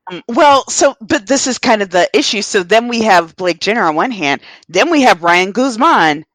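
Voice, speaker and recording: A podcast co-host gossiping about celebrity news in casual chat, animated and quick to laugh. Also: medium pitch, dry recording. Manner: animated gossiping with frequent laughs and playful voices. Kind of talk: casual pop-culture chat.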